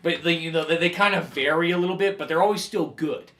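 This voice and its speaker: A man co-hosting a podcast in casual chat, easygoing and quick to laugh. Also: a little high, fairly bright tone. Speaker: podcast co-host.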